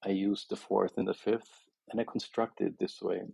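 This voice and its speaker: A man's voice: low voice, little pitch movement, normal speed, vocal fry, mellow, breathy edge, no room sound, rough recording. A middle-aged man with an Austrian German accent, telling stories as a composer guest in an interview, with many restarts and fillers. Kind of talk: conversational interview.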